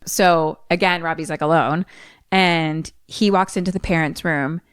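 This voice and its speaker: Woman co-host, lowish voice, dry booth sound, chatty movie recapper. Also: fairly even intonation, unhurried, smooth, no room sound. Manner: retells scenes breathlessly, acts out character lines. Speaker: podcast co-host. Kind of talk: casual movie recap chat.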